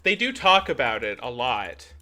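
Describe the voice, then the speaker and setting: A man's voice: mid-range voice, big pitch swings, moderate pace, a loud crowd. A young adult man co-hosting a podcast, chatting casually and acting out characters' lines as he retells a story. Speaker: podcast co-host. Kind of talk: casual chat.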